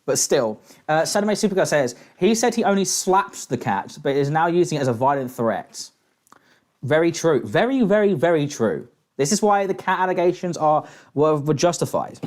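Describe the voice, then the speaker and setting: A man's voice: on the high side, animated, normal speed, darkish tone. A British man reacting to a clip with mocking, profane, rambling commentary and frequent laughter. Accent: British English.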